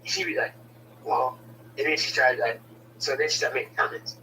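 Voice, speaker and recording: A man's voice: mid-range voice, wildly swooping pitch, moderate pace, gravelly, long pauses, sharp tone, recorded from a distance, slight background noise, rough recording. A man telling a personal story in casual, blunt, profane talk, often stumbling and repeating words as he starts a sentence.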